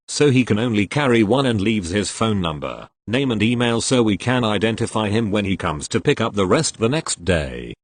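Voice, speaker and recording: A man's voice: on the low side, no room sound. A man reading online retail stories aloud in a conversational storytelling way, adding casual asides. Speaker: narrator reading online posts.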